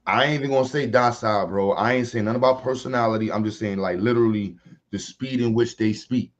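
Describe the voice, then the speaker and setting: A man with a New York accent, chatting casually on a panel podcast and telling animated stories full of profane slang. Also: mid-range voice, fast talker, lo-fi sound. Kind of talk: casual chat.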